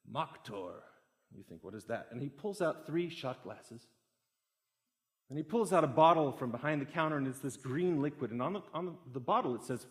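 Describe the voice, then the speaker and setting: A young man giving a public talk, telling a story with growing excitement. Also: a little high. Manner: animated, builds excitement through a story.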